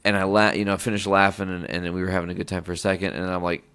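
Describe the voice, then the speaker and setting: A podcast host with a low, gravelly, fry-heavy voice tells a casual story, talking fast with a flat delivery and a fairly bright tone. He swears freely and keeps interrupting himself to restart sentences, so the telling rambles in a loose, unpolished way.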